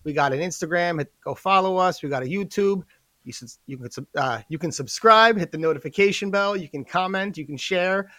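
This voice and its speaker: A young man with a New York accent, co-hosting a podcast in an energetic, hyped-up chat. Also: high-pitched, fairly quick, hardly any pauses, no echo. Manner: energetic, hyped-up promo delivery. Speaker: podcast co-host.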